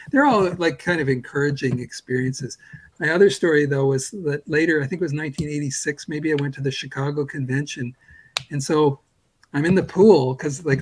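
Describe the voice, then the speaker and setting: A man in his sixties from Canada spins a long, meandering story about his early career. His voice is somewhat husky and sits a little above the usual pitch for a man. He talks casually, doubles back on himself often, and pokes fun at himself. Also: poor audio. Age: 60s. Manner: rambling, self-deprecating, with frequent restarts. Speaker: guest comics artist.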